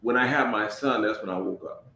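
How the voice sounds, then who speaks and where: A man with a fairly low voice, co-hosting a podcast. He speaks earnestly and reflectively, and often breaks off to gather his thoughts. He sounds like he is in a roomy, echoey room. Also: a little fast, vocal fry, sharp tone. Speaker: podcast co-host. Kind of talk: casual conversational podcast. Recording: roomy echo.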